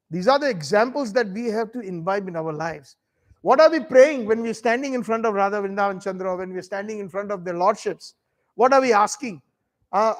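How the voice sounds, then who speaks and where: Temple preacher, male, very high-pitched, storytelling sermon with halting restarts. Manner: devotional storytelling with quoted dialogue; frequent fillers and restarts, addresses audience directly. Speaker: speaker at temple festival. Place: temple hall.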